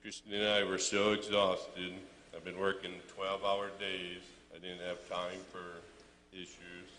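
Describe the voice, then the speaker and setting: Halting middle-aged man in a reverberant hall. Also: sits low, level tone, bright, forceful tone, slight background noise. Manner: halting, repeats words while recounting. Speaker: church testimony speaker. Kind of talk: personal testimony to a congregation.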